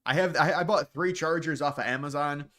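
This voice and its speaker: A man's voice: a little high, brisk, fairly bright tone. A man from Ohio hosting a casual livestream, rambling bluntly through viewer questions with frequent restarts. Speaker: livestream host.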